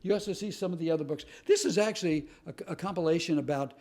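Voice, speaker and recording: A man's voice: fairly high pitch, quick pace, a little mellow. A man hosting a talk, telling true stories about finding humor in hard times with punchy, emphatic repetitions. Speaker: host and author. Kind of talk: motivational talk.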